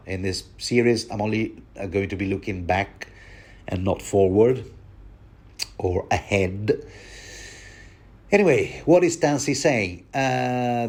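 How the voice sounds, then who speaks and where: A man's voice: mid-range voice, darkish tone. A man hosting a rambling book commentary, talking digressively and addressing his listeners directly.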